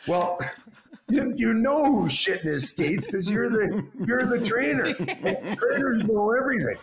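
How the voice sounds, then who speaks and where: Man, podcast guest, folksy storyteller, slightly high voice, echoey room. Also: expressive, fairly bright tone, slight background noise. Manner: folksy, drawn-out anecdote-telling. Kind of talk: casual storytelling.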